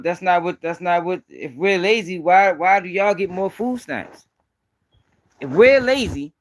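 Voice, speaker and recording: Host, male, high-pitched voice, confrontational and profane. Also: a bit bright. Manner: confrontational, profane, slangy, repeats himself. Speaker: host of a news commentary channel. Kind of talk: heated live-stream commentary.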